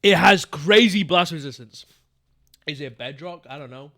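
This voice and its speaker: A young man streaming a game live, swearing freely and calling his chat "bro" while he guesses out loud. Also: fairly high pitch, moderate pace. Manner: profane, excitable, calls the chat bro.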